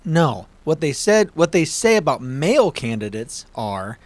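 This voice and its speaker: A man's voice: on the high side, normal speed, hardly any pauses, dry recording. A man co-hosting a podcast, talking bluntly and with lots of swearing in a heated casual debate. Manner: blunt, profane, animated ranting. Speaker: podcast co-host.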